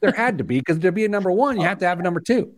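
A man hosting a radio money show, telling stories in a lively, self-deprecating way. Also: high voice, racing, no echo, studio quality. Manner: animated, self-deprecating storyteller. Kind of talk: casual chat, storytelling.

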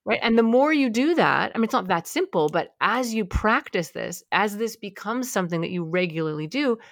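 A woman's voice: medium pitch, animated, fairly bright tone, no room sound, clean studio sound. Emphatic woman explaining brain science. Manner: emphatic, quick, voices the anxious mind in asides. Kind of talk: explanatory conversation.

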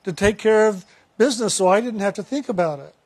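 A man's voice: sits high, quick pace, a little mellow, dry recording. A man voicing his former boss, a demanding business owner who is proud and frustrated, speaking in blunt, exasperated questions.

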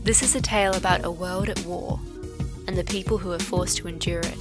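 A woman's voice: lowish voice, steady tone, fairly quick, over loud music. A young woman reading a dramatic scripted introduction to a fantasy podcast. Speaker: player and intro narrator. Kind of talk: scripted narration and casual chat.

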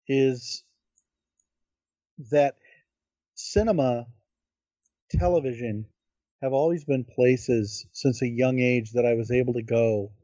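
A podcast co-host who rambles through casual film talk, stalling on many fillers and restarts. His voice sits at an average pitch for a man. The recording sounds dull and very dry. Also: warm tone, dry recording. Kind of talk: casual chat about films.

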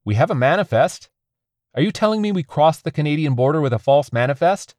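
A man voicing a worried but steady young man, reasoning and incredulous. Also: a little high, brisk, no echo, studio quality, voice pushed up, close to an everyday voice.

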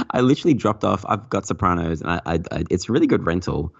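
A man's voice: low-pitched, a little fast, vocal fry, husky. A man, a guest on a pinball podcast, chatting casually, swearing and laughing as he tells stories. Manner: sweary, laughing, animated storytelling. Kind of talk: casual chat. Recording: muffled lo-fi mic.

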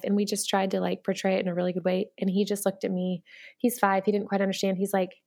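A woman's voice: mid-range voice, flat delivery, fast, vocal fry, a little mellow. A woman speaking earnestly and candidly as a guest, with many fillers and restarts. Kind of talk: personal storytelling in conversation.

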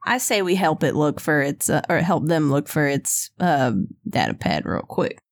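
A woman's voice: low-pitched, animated, normal speed. A woman playing a tabletop game, talking casually with lots of hesitations. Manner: hesitant, many fillers and restarts. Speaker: player.

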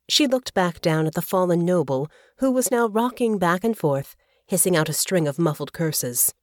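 A woman narrating an audiobook in a measured, even storytelling voice. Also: sits low, no echo, studio quality. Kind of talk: scripted narration.

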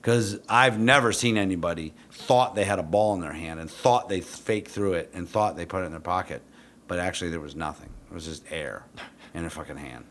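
A middle-aged man who trains police dogs, telling a story in a blunt, profane, casual way and jumping into animated quotes of himself. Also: sits low, a little fast, a little hiss or hum.

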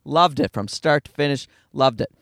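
A middle-aged man with a Newfoundland accent, a stand-up comedian talking fast and profanely in a rambling, self-deprecating monologue from his car. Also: mid-range voice, a bit bright, dry recording, clean studio sound. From Newfoundland, Canada. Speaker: stand-up comedian, podcast host.

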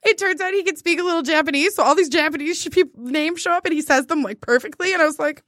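A woman's voice: high voice, fast talker, a bit bright, no room sound, studio quality. A young woman telling a rambling story in casual chat, laughing often and restarting her sentences.

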